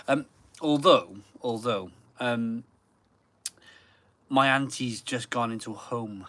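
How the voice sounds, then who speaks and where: Chatty man, bright and dry. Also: mid-range voice, slow, pauses often, dry recording. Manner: rambling, repeats phrases for emphasis. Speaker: beer channel host. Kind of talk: casual live-stream chat. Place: home garden.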